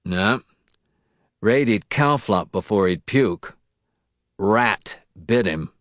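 A blunt, coarse-talking mill worker, as a man reads him, recounts things in folksy slang. The voice is low. The recording is dry and close. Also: expressive, slow pace, fairly bright tone, dry recording.

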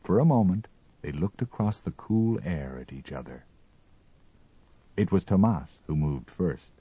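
A man narrating a story as an audiobook reading, with expressive, measured storytelling. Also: low-pitched, breathy edge, dry recording, phone-quality sound.

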